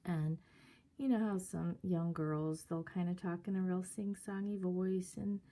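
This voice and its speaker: Slow, mellow woman telling a story. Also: lowish voice, steady tone. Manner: hesitant, many fillers. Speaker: vlogger. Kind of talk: casual storytelling.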